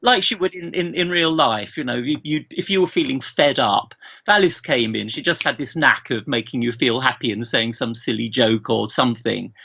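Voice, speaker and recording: A man's voice: medium pitch, moderate pace, vocal fry, pushed and bright, breathy edge, lo-fi sound. A middle-aged man, a guest on a podcast, telling family anecdotes in a rambling way with many restarts. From England. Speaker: guest, bereaved father. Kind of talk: remote podcast interview.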